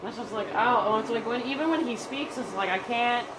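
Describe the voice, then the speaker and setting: A woman's voice: a little high, fairly quick, noisy background. A woman in her twenties speaking candidly in a documentary interview, emphatic and full of casual fillers. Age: 20s.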